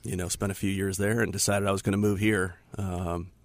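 A man in his forties from Florida, a podcast guest with a booming radio-style voice, relaxed and self-deprecating in casual chat. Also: fairly quick, no echo.

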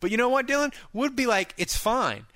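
A man hosting a casual sports talk show, animated and quick with asides, often repeating words as he thinks. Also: very high-pitched, dry recording. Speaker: podcast host.

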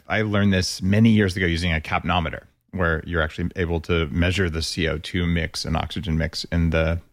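A man's voice: low-pitched, dry recording, studio quality. A man hosting a podcast interview, talking in a chatty, enthusiastic way. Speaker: podcast host.

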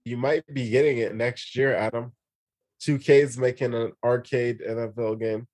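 A man co-hosting a podcast, cutting in with quick joking remarks. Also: mid-range voice, fairly even intonation, a little mellow. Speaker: podcast co-host. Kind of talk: casual chat.

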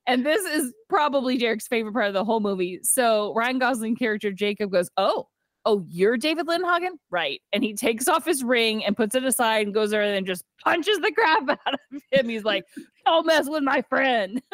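A woman's voice: a little high, lively intonation, a little fast, no echo, studio quality. A woman co-hosting a casual movie podcast, retelling scenes with lots of "like" and acting out the characters' lines. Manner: frequent "like" fillers and laughter. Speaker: podcast co-host. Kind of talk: casual movie recap chat.

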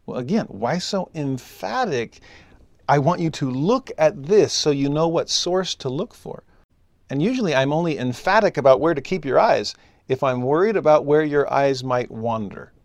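Man, scripture lesson, emphatic teacher, soft asides and raised exclamations, dry close sound. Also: fairly high pitch, expressive, moderate pace, no echo.

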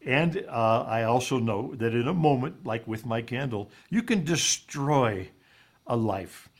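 A man's voice: mid-range voice, expressive, unhurried. A man telling a heartfelt story as a guest on a talk show, earnest and folksy, with plenty of "uh"s. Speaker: guest speaker.

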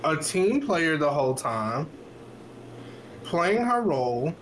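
A man co-hosting a podcast, giving blunt, relaxed opinions in casual chat. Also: fairly high pitch, slow pace, slight background noise, low-quality recording. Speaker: podcast co-host.

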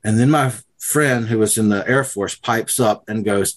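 A man's voice: on the low side, normal speed. Profane man telling a wild story. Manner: profane, animated retelling with quoted voices. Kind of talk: casual chat, telling a story.

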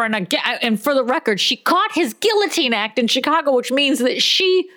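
Woman, comedic podcast co-host, animated and playful delivery. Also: sits high, moderate pace. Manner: playful, reads letters aloud with mock voices. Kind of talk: casual comedic chat.

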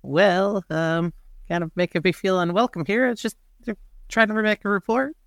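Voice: medium pitch, moderate pace, vocal fry, dry recording, studio quality. A tabletop player who stammers and argues stubbornly in character. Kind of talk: casual tabletop play, partly in character.

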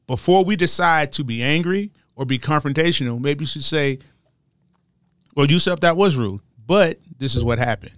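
A man in a casual group discussion, talking in an animated way and leaping high in pitch when he mocks. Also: no room sound, clean studio sound.

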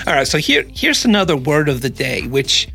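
Wry breathy man telling a crime story. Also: a little high, sing-song, brisk, sharp tone, soft background music. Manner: sarcastic, wry asides. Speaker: podcast host. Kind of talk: casual chat and true-crime storytelling.

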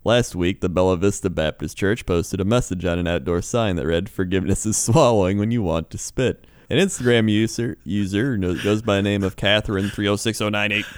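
A man's voice: on the low side, fairly quick, hardly any pauses, clear, resonant tone, no room sound, studio quality. A man co-hosting a casual comedy talk show, reading odd news stories aloud and laughing often.

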